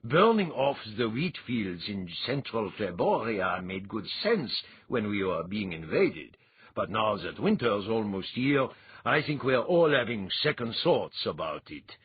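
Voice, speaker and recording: A man voicing a practical nobleman who speaks in a measured, wry way. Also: on the low side, big pitch swings, a little hiss or hum. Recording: dull lo-fi audiobook recording.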